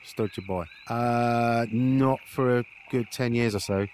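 A man's voice: medium pitch, fairly even intonation, takes it slowly, a little mellow, a little hiss or hum, pitched below the performer's own voice, natural voice, rough recording. A man voicing a reluctant, unfit young male apprentice who talks hesitantly and grumbles.

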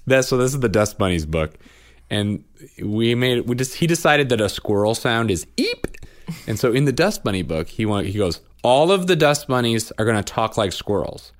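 A man co-hosting a casual chat, telling rambling, animated stories about his kids with frequent restarts. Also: mid-range voice, normal speed.

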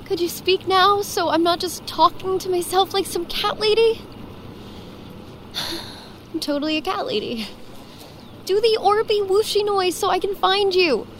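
A very high nervous young heroine. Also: female voice, steady tone, a little slow, long pauses, fairly bright tone, a little hiss or hum. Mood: exasperated. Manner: nervous, apologetic, stammering. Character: anxious apologetic young woman haunted by dreams. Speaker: game protagonist. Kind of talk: video game voice acting.

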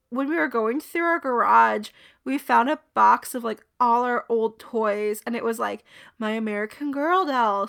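A podcast co-host, this young woman has a slightly high, gravelly voice. Her casual chat is animated and rambling, punctuated by frequent laughter and giggles.

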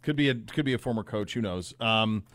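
A man's voice: on the low side, fairly quick, a bit bright, no room sound. A man hosting a sports podcast, chatting casually and rambling through his points.

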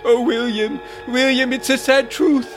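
A shrill, hysterical Doctor Smith. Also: male voice, fairly even intonation, measured pace, a bit bright, soft background music. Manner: hysterical, whiny, melodramatic babbling. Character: fussy, cowardly older male space doctor.

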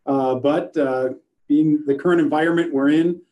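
Mellow-voiced man with many uh's. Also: fairly high pitch, fairly even intonation, normal speed, highs cut off. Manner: friendly, filler-heavy with many uh's. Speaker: company sales manager, guest. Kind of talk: casual interview chat. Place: his office.

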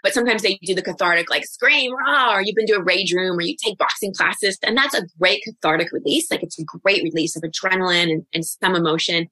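A woman in her forties opens up in a podcast interview, reflective and candid, with quick asides. Her voice is bright and sits somewhat low. It is recorded dry and close on the mic. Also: dry recording. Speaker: guest coach.

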